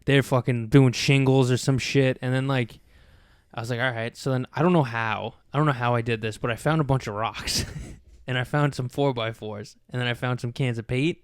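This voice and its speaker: A young man co-hosting a podcast, telling stories in casual, profane chat that turns excitable. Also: mid-range voice, moderate pace, clean tone, dry recording, studio quality. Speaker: podcast co-host.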